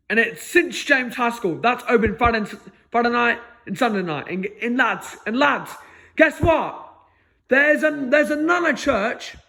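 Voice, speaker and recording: A man rambling in a solo recording, stammering and restarting, and tagging phrases with a low muttered "lads". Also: gravelly, fairly bright tone. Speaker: vlogger.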